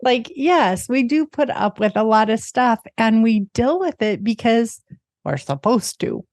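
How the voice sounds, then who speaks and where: A woman's voice: a little high, animated, unhurried, a little mellow, no echo, clean studio sound. A woman hosting a podcast, chatting casually and enthusiastically, laughing often and swearing now and then. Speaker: podcast host.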